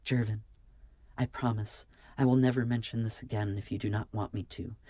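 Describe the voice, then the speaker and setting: A man voicing an earnest young priestess in an audiobook, raising his voice to a pleading, breathless pitch. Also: fairly even intonation, normal speed, warm tone, dry recording, lightly acted.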